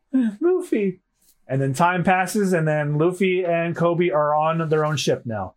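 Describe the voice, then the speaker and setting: A man co-hosting a casual manga readthrough podcast, talking in animated asides. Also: fairly high pitch. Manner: animated, laughing, quick asides. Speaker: podcast co-host.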